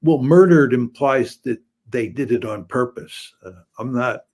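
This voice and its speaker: An older man, a political science professor, answering interview questions in a measured, explanatory way with frequent filler pauses. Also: medium pitch, a little mellow.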